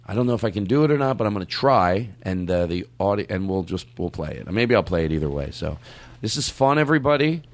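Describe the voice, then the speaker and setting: Lively, rambling male podcast host. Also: low-pitched, fast talker. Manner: rambling, joking, self-interrupting. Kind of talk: casual studio chat.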